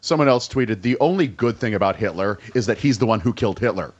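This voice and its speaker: Radio cohost guy, laughs a lot, lively up-down voice. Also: fairly low pitch, breathy edge, dull audio. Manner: chuckling, quick reactions. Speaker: radio co-host. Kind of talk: casual talk radio banter.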